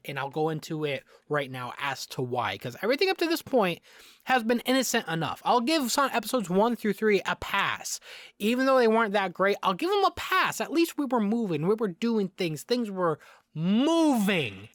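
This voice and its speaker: A man's voice: high voice, moderate pace, no echo, clean studio sound. A man giving casual review commentary, exasperated and ranting, swearing freely and often repeating and restarting his words. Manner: animated, frequent restarts and repetitions. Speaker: video reviewer.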